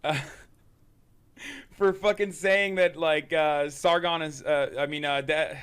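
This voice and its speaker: A man's voice: on the high side, steady tone, slow, fairly bright tone, clean tone. A man streaming live, talking loosely with profanity and laughs. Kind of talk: casual live-stream chat.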